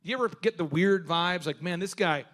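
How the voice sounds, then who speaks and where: A man's voice: sits high, a little fast. A man hosting a business workshop, telling stories with energy and acting out voices. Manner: animated storyteller, acts out voices. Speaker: business coach host.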